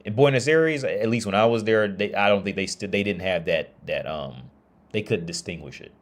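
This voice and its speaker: A man's voice: on the low side, moderate pace. An American man in a casual, rambling livestream monologue, swearing freely, laughing often and restarting his sentences. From United States.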